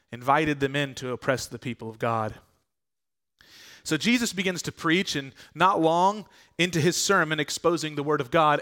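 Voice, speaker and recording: A man's voice: on the high side, bright, forceful tone. A male pastor preaching a sermon in an earnest, conversational way, often asking the congregation rhetorical questions.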